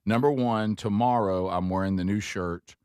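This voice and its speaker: A man's voice: lowish voice, normal speed, darkish tone, clean tone, dry recording. A man hosting a casual talk show, rambling and joking with his co-hosts in the studio. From Alabama. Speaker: host.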